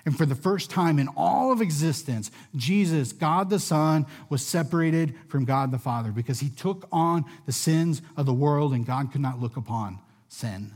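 A man preaching a sermon in a room with listeners, earnest and measured, often dropping softly at the ends of phrases. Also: a little high, animated. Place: room with a gathered audience.

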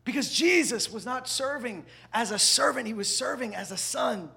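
A man preaching a sermon, animated, swinging between loud emphatic lines and hushed asides. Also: very high voice, moderate pace, creaky, slightly rough. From parents from the American South. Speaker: pastor.

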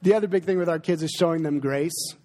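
A middle-aged man, a pastor, preaching an earnest, emphatic sermon with pauses for effect. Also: a little high, darkish tone. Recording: long hall reverb.

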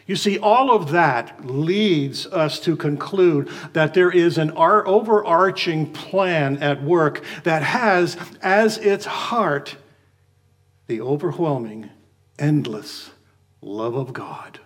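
A man preaching a morning sermon in a measured way, slowing down when he reads scripture aloud. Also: fairly high pitch, animated. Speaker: pastor.

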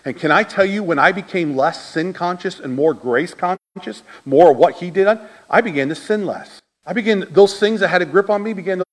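Middle-aged male pastor, sermon delivery, fairly high voice, swings from hushed lows to loud peaks. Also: moderate pace, hardly any pauses. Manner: animated preaching, swinging from low and quiet to loud high shouts.

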